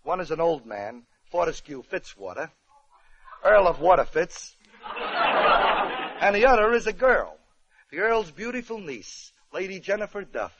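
High-voiced wisecracking comedian on old radio. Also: male voice, very animated, measured pace, long pauses, highs cut off, a crowd in the background. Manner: wisecracking, chatty asides. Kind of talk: comic storytelling on radio.

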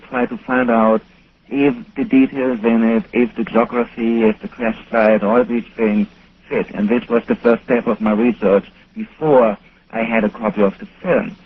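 German man, non-native English, earnest interview guest, phone-quality audio. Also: medium pitch. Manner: earnest, slightly halting non-native phrasing. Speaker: guest researcher. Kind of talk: call-in radio interview. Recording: thin telephone line with faint hiss.

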